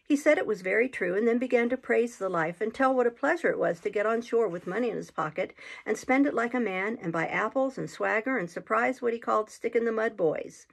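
A woman reading a classic adventure novel aloud in a steady, measured storytelling manner. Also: a little high, vocal fry. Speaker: reader.

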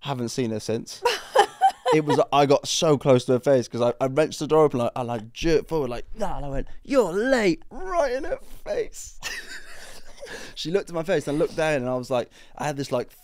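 A young man co-hosting a podcast, telling stories in an animated way and laughing often. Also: medium pitch, fast talker, no room sound. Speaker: podcast co-host. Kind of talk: casual chat.

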